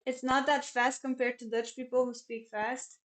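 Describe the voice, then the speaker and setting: Chatty young woman streamer, slightly high. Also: flat delivery, normal speed, a bit bright. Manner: chatty, rambling, answers chat questions. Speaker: chess streamer and commentator. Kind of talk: casual live-stream chat.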